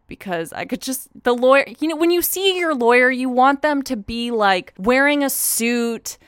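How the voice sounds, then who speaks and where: A young woman talks straight to her audience, telling a personal story in a loose, chatty way, full of fillers and casual swearing. Her voice is smooth and clear. The sound is dry and close. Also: high voice, animated, normal speed, few pauses, no room sound. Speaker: vlogger.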